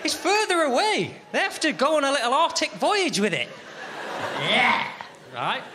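A man's voice: normal speed, crowd noise. A man doing a wry, self-deprecating stand-up routine in front of a live audience. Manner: wry, self-deprecating, with lively pitch swings. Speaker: stand-up comedian. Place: comedy venue with a live audience. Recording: noisy live stage recording.

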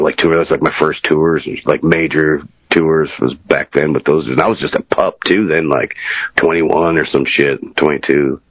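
A man's voice: a bass voice, dull audio. A man in his forties, a drummer, telling stories in a laid-back, profane way and laughing often. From Minnesota. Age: 40s. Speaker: guest drummer. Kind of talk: casual interview chat.

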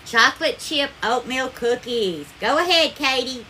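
A woman's voice: sits high, expressive, unhurried, bright, forceful tone, a little hiss or hum. A woman with a Southern accent hosting a live cooking stream, chatting effusively and calling viewers darling as she thanks them by name. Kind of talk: casual live-stream chat and cooking demo.

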